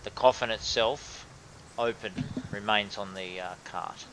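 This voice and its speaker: A man narrating as game master of a tabletop game, with many pauses and fillers. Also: fairly low pitch, steady tone, background noise. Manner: hesitant, filler-heavy narration.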